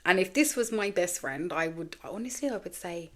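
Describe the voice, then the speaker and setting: Woman, 40s, podcast host; low-set voice, rambling and blunt, emotionally raw and close to tears. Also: animated, moderate pace, hardly any pauses, fairly bright tone. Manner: candid, rambling, swears freely. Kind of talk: casual confessional monologue.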